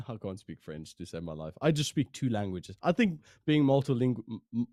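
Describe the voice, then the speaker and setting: A man's voice: medium pitch, big pitch swings, a little fast, dark tone, dry recording, clean studio sound. A man from South Africa with a South African accent, casting esports in chatty, laughing banter between games. His first language is Afrikaans. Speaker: esports caster. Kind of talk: casual chat between games.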